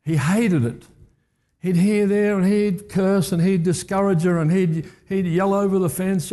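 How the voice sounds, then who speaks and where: A male pastor preaching a sermon in a church, animated and emphatic, repeating key phrases. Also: fairly high pitch, measured pace. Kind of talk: sermon storytelling. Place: church hall.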